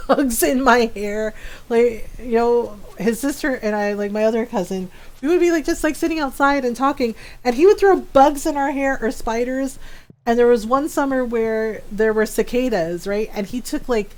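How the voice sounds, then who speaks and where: A woman's voice: a little high, darkish tone. A young woman live-streaming a game, telling stories in casual chat, laughing often and acting out what people said. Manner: chatty storyteller, laughs often, acts out quotes.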